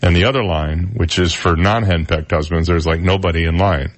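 Deep-voiced rambling radio host, dry sound. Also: male voice, steady tone, fairly quick, no echo. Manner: rambling, self-deprecating, loses his place in jokes. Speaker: radio talk show host. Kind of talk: casual on-air chat and joke telling. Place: radio studio.

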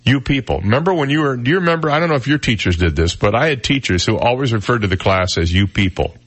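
A man's voice: medium pitch, lively intonation, fast, a bit bright, breathy edge. A man from Michigan hosting a casual radio talk show, chatty and joking with lots of fillers.

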